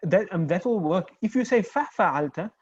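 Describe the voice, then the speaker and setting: A male Arabic teacher leads an online class, patient and methodical, checking in with his students. His voice sits a little high for a man. The sound is dry and dull, like lo-fi call audio. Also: lively intonation, normal speed, husky, dry recording. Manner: patient, explains step by step, checks understanding.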